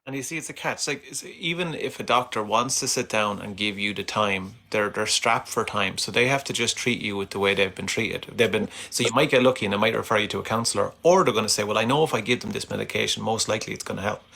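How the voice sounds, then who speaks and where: A man speaking as a guest in a casual conversation, reflective and measured, sometimes repeating words. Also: on the low side, pushed and bright.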